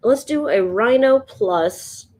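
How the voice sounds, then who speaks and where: Slow, chatty woman on a sketch stream. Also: a little high, animated, darkish tone. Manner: slow, chatty, thinking aloud, yawning. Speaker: livestream sketch artist. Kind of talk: casual livestream chat.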